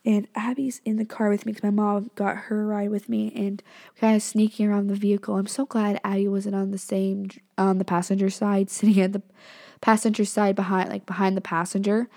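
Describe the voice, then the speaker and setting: A young woman tells a story on her podcast in a loose, rambling way, full of "like" and "literally" and casual swearing. Her voice has a gravelly fry running through it, and her pitch sits in a middling range. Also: little pitch movement, a little fast, warm tone. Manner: rambling, profane, says "like" and "literally" a lot. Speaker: podcast host.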